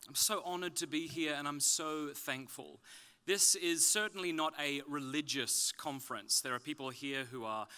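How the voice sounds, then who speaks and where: A man from Australia with a softened, slightly British-leaning Australian accent, giving a conference talk with self-deprecating jokes before turning earnest and explanatory. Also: fairly high pitch, moderate pace, smooth. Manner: joking, then earnest and explanatory. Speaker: speaker. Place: conference stage.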